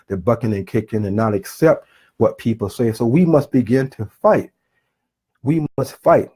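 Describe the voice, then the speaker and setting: A middle-aged man, a self-published author, gives an earnest but rambling motivational talk, frequently restarting sentences and wandering off his point. His mid-range voice is mellow with a breathy edge.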